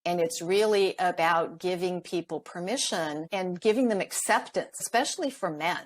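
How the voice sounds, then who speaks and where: A middle-aged woman, a marriage coach, talking in a podcast interview, lively and laughing often as she acts out quoted dialogue. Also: lowish voice.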